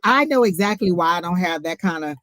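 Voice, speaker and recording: A woman's voice: fairly low pitch, expressive, brisk, a bit bright, dry recording. A woman co-hosting a live tarot stream, chatting casually and talking straight to viewers. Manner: chatty, storytelling, talks to viewers directly. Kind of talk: casual chat.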